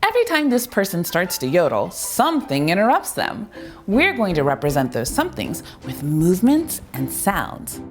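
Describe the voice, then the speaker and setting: A young woman leads a children's movement lesson, her voice rising and falling widely as she coaxes the kids along. She speaks slowly and clearly, with faint music playing behind her. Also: on the low side, wildly swooping pitch. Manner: bright, encouraging, slow and clear for children. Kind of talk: kids' movement tutorial.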